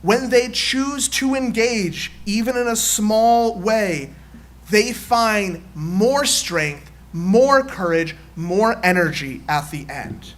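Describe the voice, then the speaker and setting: A man's voice: high voice, takes it slowly. A man preaching a sermon in a church, in rhythmic, repetitive oratory. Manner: builds to shouted call-and-response chant. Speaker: guest preacher. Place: church sanctuary.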